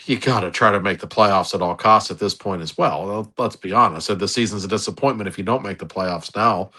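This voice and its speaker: A man's voice: fairly low pitch, fairly quick, bright, forceful tone. A man co-hosting a podcast, chatting casually and earnestly about hockey, often restarting his sentences. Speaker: podcast co-host. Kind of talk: casual sports chat.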